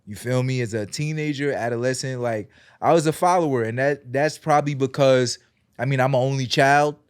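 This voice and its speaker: A man's voice: mid-range voice, fairly quick, clean tone, dry recording, studio quality. A young adult man co-hosting a podcast, talking in a candid, reflective way with slang fillers. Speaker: podcast co-host. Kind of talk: casual chat.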